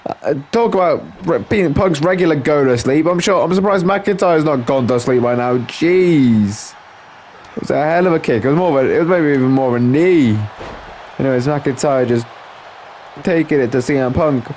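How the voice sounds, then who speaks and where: Male gamer commentator with a slightly high voice, casual play-by-play, excitable, lots of fillers. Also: moderate pace, slight background noise. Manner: excitable, frequent exclamations and filler words. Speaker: gameplay commentator.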